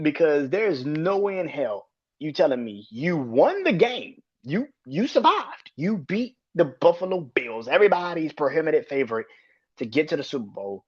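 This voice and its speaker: A man hosting a solo sports podcast, talking in an animated, profane, exasperated way. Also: a little high, moderate pace, breathy edge, highs cut off. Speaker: podcast host. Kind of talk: solo sports commentary rant.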